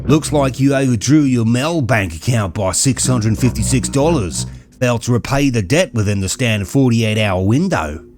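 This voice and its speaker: A man voicing a gruff male prison officer in a put-on Australian accent, drawling through official paperwork. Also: mid-range voice, expressive, normal speed, over music, natural voice. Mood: brusque official.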